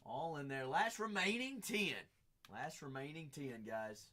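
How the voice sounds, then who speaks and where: Sharp-toned and a little high, this American man's voice swings widely in pitch while keeping a measured pace. Running a live card-break stream, he pushes the open slots in upbeat patter, repeating himself and chatting easily with his audience.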